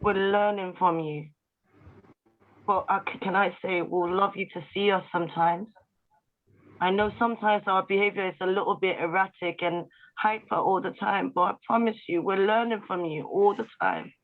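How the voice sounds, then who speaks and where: Speaking as a guest at a tribute event, a woman offers a heartfelt, emotional speech straight to her audience. Her medium-pitched voice stays steady at a moderate pace, and the video-call connection gives it a tinny quality.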